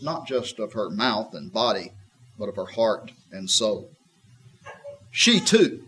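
A man giving a conversational Bible teaching, folksy and reflective, with a husky voice. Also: mid-range voice, a bit bright, a little hiss or hum, rough recording. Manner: folksy and reflective, voices the woman with a tart, skeptical edge. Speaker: preacher.

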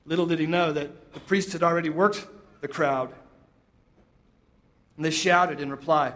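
A man with a fairly high voice preaches a sermon, retelling a scripture story. He lifts his voice for quoted lines and drops it soft for emphasis, with deliberate pauses. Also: steady tone.

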